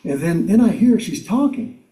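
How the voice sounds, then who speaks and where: Recorded from far off in a roomy community meeting hall, an older South Carolina man speaks in a high, mellow voice with lively intonation at a moderate pace. As a guest speaker, he shares personal stories with a congregation, wryly mocking himself amid chuckles and fillers.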